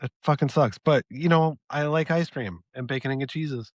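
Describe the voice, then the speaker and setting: A man's voice: mid-range voice, moderate pace, no room sound, studio quality. A man in his forties, a podcast co-host, griping about himself in casual self-deprecating chat. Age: 40s.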